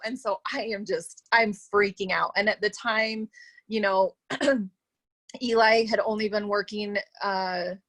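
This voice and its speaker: A young woman tells a personal story as a guest, in a lively and chatty way. Her voice sits in a middle register, and she fills her talk with asides and quotes she acts out. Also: mid-range voice. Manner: lively, chatty, many fillers and acted-out quotes. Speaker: interview guest, adoptive mother. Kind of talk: casual storytelling.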